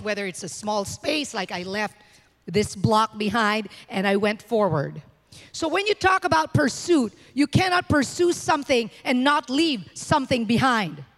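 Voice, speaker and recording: A woman pastor delivers a sermon in a high, bright-pitched voice. She preaches emphatically, driving home repeated phrases and declarations. The sound carries the long reverb of a church hall. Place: church sanctuary.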